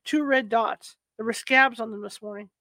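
An anxious young mother pleads in earnest, her voice sitting somewhat high, as a woman narrator reads her. The audiobook reading is close and dry, with no room sound. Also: fairly even intonation, normal speed, bright, forceful tone, no room sound.

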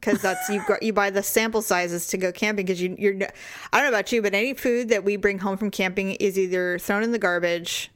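A woman's voice: mid-range voice, fairly even intonation, fairly quick, fairly bright tone, no echo, clean studio sound. A woman co-hosting a casual chat, trading bawdy jokes and banter. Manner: bawdy, joking banter with frequent laughter.

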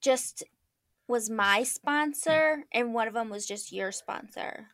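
A woman's voice: fairly high pitch, slow, a bit bright, no echo. A woman co-hosting a casual podcast, giggly and laughing often. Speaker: podcast co-host. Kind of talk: casual chat.

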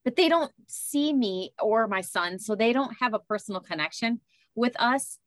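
Calm woman host, dry close sound. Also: fairly high pitch, dry recording. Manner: calm, measured and affirming. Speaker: podcast host and author, autism parent. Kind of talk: interview conversation.

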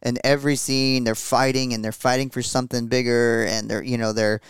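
A man co-hosting a podcast, talking quickly and easily, with lots of "like" and "you know.". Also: mid-range voice, little pitch movement, clean tone, no room sound. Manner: quick, easygoing, says "like" and "you know" often. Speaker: podcast co-host. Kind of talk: casual chat.

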